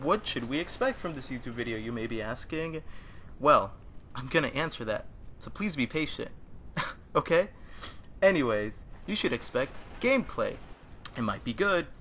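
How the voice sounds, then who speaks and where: A man's voice: mid-range voice, animated, normal speed, a bit bright, slight background noise. A young man hosting a gaming channel, talking casually and jokily over gameplay in a rambling, self-deprecating way.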